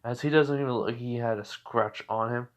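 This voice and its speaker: A man's voice: mid-range voice, steady tone, a little fast. A man casually narrating a fan story, rambling with many fillers and restarts.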